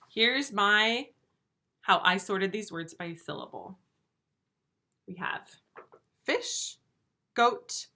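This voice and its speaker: Bright-voiced woman teaching young children. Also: medium pitch. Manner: slow, clear, encouraging teacher talk with repeated words. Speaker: first grade teacher. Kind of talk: recorded video lesson for young children.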